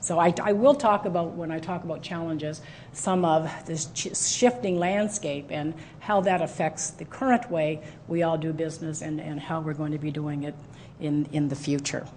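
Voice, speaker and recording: A middle-aged woman speaks to a live audience in a presentation room, her voice sitting a bit low. She keeps starting over and filling gaps with um's and uh's. A faint hum of room noise runs underneath. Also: steady tone, moderate pace, darkish tone. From Canada. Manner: hesitant, many fillers and restarts. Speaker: conference speaker. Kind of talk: presentation talk.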